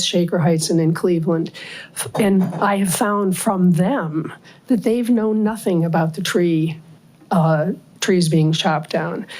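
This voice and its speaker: A woman's voice: on the low side, darkish tone. A woman who is losing her voice, giving an earnest, hesitant public comment at a city council meeting at a podium microphone. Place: council chamber.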